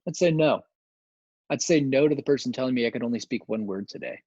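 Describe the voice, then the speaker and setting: Husky-voiced deadpan man hosting a stream. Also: mid-range voice, fast talker, no echo, muffled recording. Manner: deadpan absurd humor. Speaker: host. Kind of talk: livestream Q&A chat.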